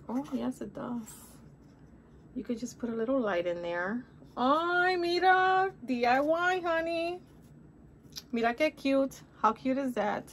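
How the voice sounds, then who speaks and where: A middle-aged woman with a medium-pitched, creaky voice chats casually through a shopping haul at home, with slight background noise. The haul vlogger gushes and exclaims, speaking directly to her viewers and calling them guys and honey.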